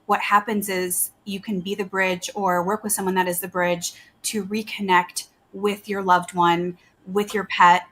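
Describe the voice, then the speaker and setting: A woman's voice: medium pitch, fairly bright tone. A middle-aged woman, a psychic medium guest, chatting in a friendly, earnest way. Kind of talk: casual interview chat.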